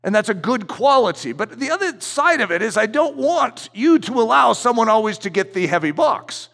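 Casting: middle-aged male pastor, high lively voice with some gravel, sermon in a church with long reverb. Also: normal speed. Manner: emphatic, repetitive preaching. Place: church sanctuary.

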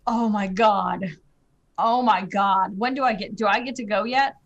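A woman's voice: medium pitch, a little slow, highs cut off. A woman playing a tabletop game, blunt and casual. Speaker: player.

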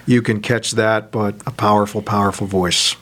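A man co-hosting an interview podcast, speaking in a halting, rambling way with many fillers. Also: lowish voice, little pitch movement, fairly bright tone. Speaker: podcast co-host.

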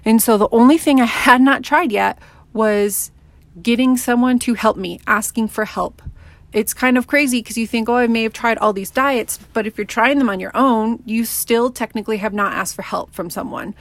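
A woman's voice: fairly high pitch, moderate pace, dry recording. A woman in her thirties hosting her own podcast, telling her personal story in a candid, conversational way with frequent fillers. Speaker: podcast host.

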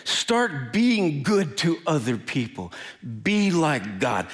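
A high-voiced man from the Midwest preaching with a lively, swooping delivery. He tells his story slowly and with laughter, and he acts out each person in it. His tone is warm and personal. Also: faint music behind. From American Midwest. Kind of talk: storytelling sermon.

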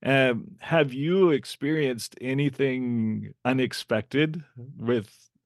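A man hosting a podcast interview, asking hesitant, gentle questions. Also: medium pitch, takes it slowly, no room sound, studio quality. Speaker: podcast host. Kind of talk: casual interview.

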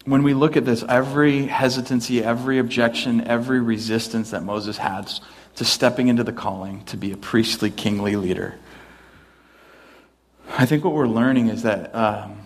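A man preaching a sermon in a relaxed, conversational way, acting out the quoted lines as he goes. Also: medium pitch, normal speed. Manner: conversational, with restarts and acted quotes. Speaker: pastor.

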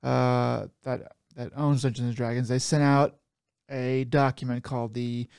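A man's voice: medium pitch, flat delivery, unhurried, vocal fry, darkish tone, clear, resonant tone, no room sound, clean studio sound. A man co-hosting a podcast over a call, chatting casually, laughing often and getting worked up. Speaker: podcast co-host. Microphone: remote call mic.

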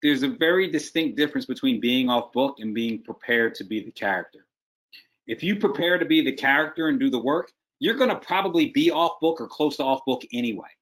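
A man's voice: mid-range voice, animated, fairly quick, fairly bright tone. A man working as a casting director, giving direct, emphatic advice in a video-call interview.

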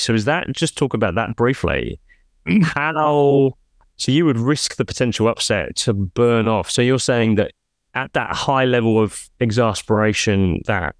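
A man's voice: on the low side, no echo. A man hosting a podcast interview, asking long, hesitant questions and rephrasing as he goes. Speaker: podcast host.

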